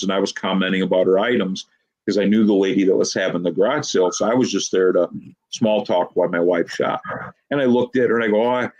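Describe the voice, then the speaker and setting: A man's voice: on the low side, darkish tone, muffled recording. A man being interviewed as a Bigfoot investigator, telling long rambling anecdotes and quoting people with "she goes.". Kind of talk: casual storytelling interview.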